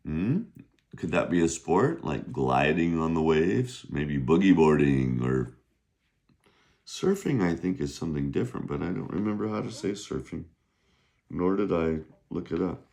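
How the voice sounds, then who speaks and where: A man teaching Mandarin vocabulary in a casual, patient way, slowly modeling each word's pronunciation with lively jumps in pitch. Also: vocal fry. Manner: bursts of high pitch when modeling Chinese tones.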